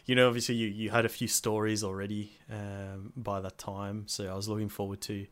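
A relaxed man chats loosely about playing a game with his friend. His voice sits a little low, and he often restarts mid-sentence in an easygoing way. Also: fairly quick. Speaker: podcast co-host. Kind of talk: casual chat.

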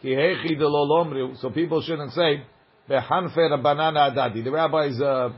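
Male Talmud teacher, husky voice, dull lo-fi recording, reads text then explains it casually. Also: a little high, fairly even intonation, moderate pace. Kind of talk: Talmud study class.

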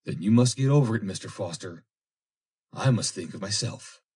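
A man's voice: fairly low pitch, lively intonation, normal speed, a little mellow, slightly rough. A man voicing a proud young woman who coolly rebuffs an insistent suitor, in a prim, reproving manner.

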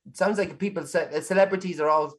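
A man's voice: sits high, racing. A man with a Cork Irish accent, chatting casually as a podcast guest, rambling, laughing often and swearing freely.

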